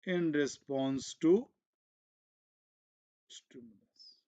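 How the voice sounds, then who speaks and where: A man teaching an exam revision class, who explains slowly and repeats himself, switching into Hindi now and then, and keeps coughing and clearing his throat. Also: on the high side, mellow. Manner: slow, repetitive explaining, switching into Hindi asides. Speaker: medical exam coaching teacher. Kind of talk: live exam revision lecture.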